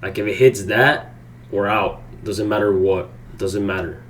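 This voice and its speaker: A young man livestreaming his day trading, swearing and swinging between low muttering and loud outbursts. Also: fairly even intonation, a little slow, a little hiss or hum. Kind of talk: live streaming commentary.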